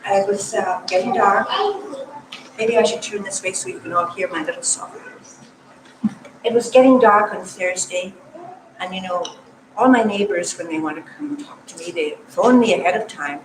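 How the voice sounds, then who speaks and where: A woman's voice: medium pitch, moderate pace. An older woman shares a heartfelt, choked-up story with her congregation. She is picked up from a distance, so her voice comes through an echoey hall with plenty of background noise. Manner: warm, emotional storytelling. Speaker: parishioner. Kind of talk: personal story at a church meeting. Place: church hall. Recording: echoey hall, mic from far off, noisy.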